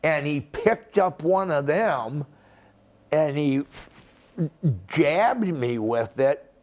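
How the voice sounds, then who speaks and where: Very slow and a little mellow, this older man's fairly high voice has lively intonation. A retired wrestler in a casual interview, he spins a profane, meandering tale and plays the characters in it.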